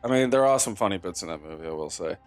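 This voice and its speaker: A man's voice: low voice, lively intonation, racing, faint music behind. Profane rambling man chatting over gameplay. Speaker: co-host of a gaming channel. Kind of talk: casual chat while playing a game.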